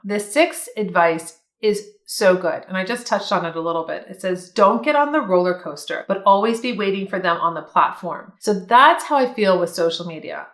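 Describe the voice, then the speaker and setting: Woman vlogger, earnest and reflective, medium pitch, casual advice talk, roomy echo. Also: a bit bright. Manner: earnest, reflective, reads quotes aloud. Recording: echoey room.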